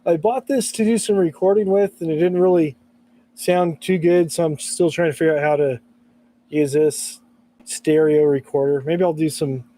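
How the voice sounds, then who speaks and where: A man from California, hoarse from allergies, chatting casually and laughing often on a live stream. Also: on the high side, mellow.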